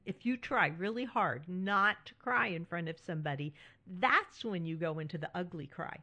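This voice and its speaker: A woman's voice: medium pitch, fairly bright tone. A middle-aged woman hosting a podcast for widows, talking frankly and reassuringly to listeners, often laughing. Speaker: podcast host speaking to widows. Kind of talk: supportive podcast monologue.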